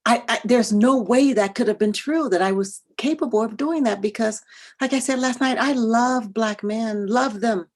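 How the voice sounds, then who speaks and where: Her voice is on the high side and moves at normal speed as this middle-aged woman from the US gives an educational workshop talk. She goes from hushed, earnest asides to loud bursts of emphasis, repeating phrases to stress them.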